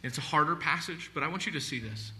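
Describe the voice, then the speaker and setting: A man's voice: a little high, animated, fast, bright, forceful tone. A man preaching a sermon as pastor, earnest and emphatic, reading scripture aloud.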